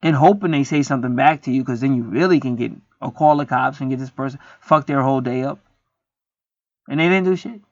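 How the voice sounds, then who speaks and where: A man's voice: mid-range voice, fairly quick, dry recording. A man talking in a rambling, profane, preachy casual monologue as host of a spiritual video. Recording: dry, dull lo-fi sound.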